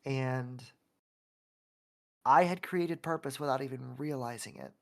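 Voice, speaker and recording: Male podcast guest from Oklahoma, mid-pitched voice; rambling, heartfelt storyteller. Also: unhurried, creaky. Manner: rambling, heartfelt, many restarts. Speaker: podcast guest, self-love coach. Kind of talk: emotional personal storytelling.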